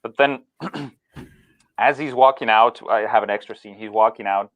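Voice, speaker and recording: A man co-hosting a podcast, telling rambling stories with deadpan jokes in casual chat. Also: lowish voice, moderate pace. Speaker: podcast co-host.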